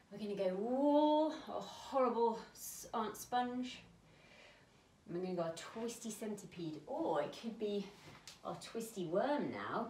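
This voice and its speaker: A woman's voice: medium pitch, a little mellow, slight background noise. Encouraging woman teaching a dance lesson. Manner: encouraging, talks straight to children. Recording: echoey room, mic at a distance.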